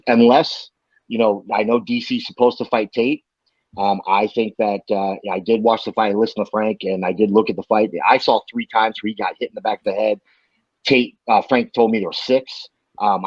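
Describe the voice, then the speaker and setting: A man from the United States, a bare-knuckle fighter guest, ranting in a heated, profane, rapid-fire way during an interview. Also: lowish voice, no echo, dull audio.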